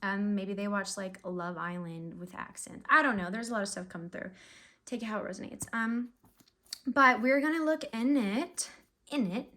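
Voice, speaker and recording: A woman's voice: mid-range voice, moderate pace, sharp tone, slight background noise. Young woman reading tarot cards, chatty, sighs a lot, gets emotional. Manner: chatty, emotional, filler-heavy, sighs often. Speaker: tarot reader. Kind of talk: casual tarot reading to camera.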